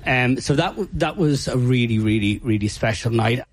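An Irish man who organizes a music night, telling stories in a casual interview in an animated, chatty way full of fillers. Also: mid-range voice, normal speed, no echo.

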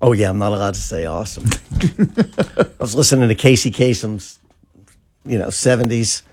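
A man of about sixty hosting a radio talk show, chatting in a jokey, animated way. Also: fairly low pitch, normal speed, a little hiss or hum. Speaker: radio host. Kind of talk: casual radio banter.

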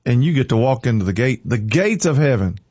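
Energetic man preaching on a morning show. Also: medium pitch, fairly quick, slightly rough, no echo, highs cut off. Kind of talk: casual chat turning to preaching.

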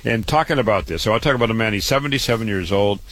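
A doctor gives a promotional health talk about his clinic, repeating himself and rattling off one item after another. His voice sits on the low side, a bit bright, and he races through it.

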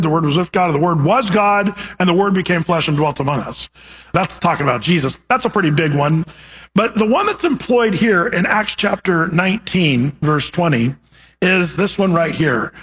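A man's voice: high voice, a bit bright, slightly rough. A man preaching a sermon as a pastor, teaching in a conversational way with rhetorical questions.

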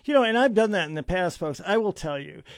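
A man's voice: high voice, animated, fast, no room sound. A man hosting a political talk radio show, speaking emphatically and often repeating himself as he leads the interview. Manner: emphatic, repeats words, self-described sarcastic.

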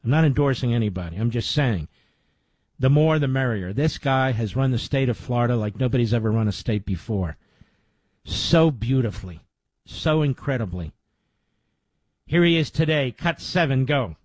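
A man's voice: medium pitch, expressive, normal speed, darkish tone, no room sound. A man hosting a talk radio show, giving emphatic, insistent commentary.

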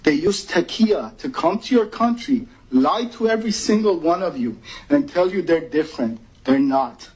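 A man's voice: fairly high pitch, lively intonation, normal speed, darkish tone, husky, poor audio. A man from Iran giving an urgent, emotional public comment, repeating himself and close to tears. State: near tears.

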